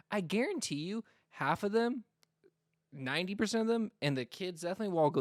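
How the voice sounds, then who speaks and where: A man from North Florida in the US South co-hosts a podcast, talking in a rambling, casual way full of fillers and restarts. His fairly high voice has big pitch swings and a fairly bright tone at normal speed. The audio is studio quality with no echo.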